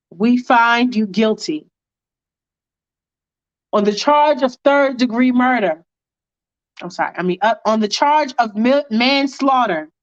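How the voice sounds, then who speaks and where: A woman voicing a jury foreperson reading a verdict slowly and formally. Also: a little high. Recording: dull lo-fi recording.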